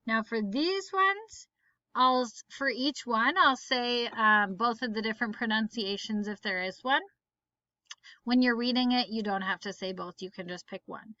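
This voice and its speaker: A woman teacher reading a word list aloud for students, saying each word slowly and carefully, close to the mic on a slightly dull recording. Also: on the high side, pushed and bright, no room sound.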